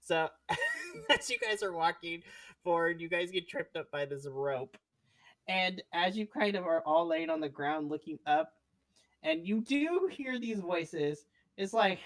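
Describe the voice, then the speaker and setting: A woman narrating as game master on a live stream, playful and quick to laugh. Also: fairly low pitch, big pitch swings. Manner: giggly, playful, often breaks into laughs.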